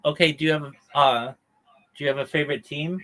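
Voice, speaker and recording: A man's voice: on the high side, steady tone, a little fast, bright, forceful tone, low-quality recording. A man hosting a voice-chat livestream, talking in a friendly, welcoming way. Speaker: host.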